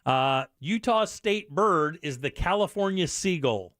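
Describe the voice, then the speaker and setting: A man's voice: fairly high pitch, expressive, unhurried, a bit bright, no echo. A man hosting a radio show, chatting with callers in an upbeat, jokey way as he runs a trivia game. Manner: jokey, upbeat quiz-giving patter. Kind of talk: casual radio chat with callers.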